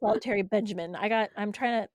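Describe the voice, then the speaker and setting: A young woman co-hosting a podcast, chatting casually in a blunt, sarcastic way and retelling scenes with animated voices. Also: medium pitch, fast talker, no echo. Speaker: podcast co-host. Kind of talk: casual chat.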